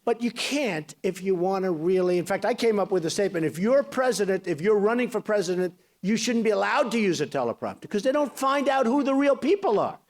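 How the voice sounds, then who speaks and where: A man's voice: high voice, expressive, a little fast, hardly any pauses. A man in his sixties giving a campaign speech as a political candidate, boastful and rambling in a conversational way.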